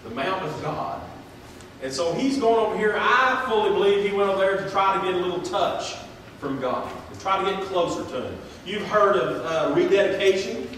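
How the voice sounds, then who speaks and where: A man's voice: fairly high pitch, slight background noise. Man preaching in an echoey church. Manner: builds from quiet reflection to loud impassioned preaching. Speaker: pastor. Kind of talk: sermon. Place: church sanctuary. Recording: echoey church hall from far off.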